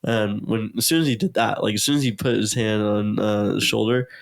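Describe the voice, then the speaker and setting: With a lowish voice, vocal fry and a fairly quick delivery, a young podcast guest rambles through a lengthy story in casual talk. He leans heavily on fillers and acts out the quotes.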